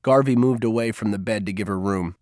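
A man narrating a novel in an even, steady storytelling voice. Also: on the low side, brisk, no room sound, studio quality. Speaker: audiobook narrator. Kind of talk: scripted narration.

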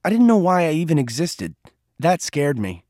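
A frightened, defensive teenage boy, his voice pitched up and wavering, as a male narrator puts him on. He speaks with trembling emotion in a dry, close storybook reading. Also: big pitch swings, normal speed, darkish tone, no echo. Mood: pained.

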